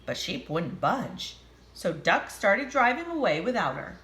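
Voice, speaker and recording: A woman reading a picture book aloud to children, expressive, with chatty asides. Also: mid-range voice, unhurried, echoey room. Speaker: storybook reader.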